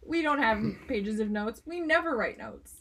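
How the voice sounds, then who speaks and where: A woman's voice: a little high, big pitch swings, moderate pace, fairly bright tone. A young woman co-hosting a casual podcast, playful and teasing with mock-serious setups. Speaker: podcast co-host. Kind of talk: casual chat.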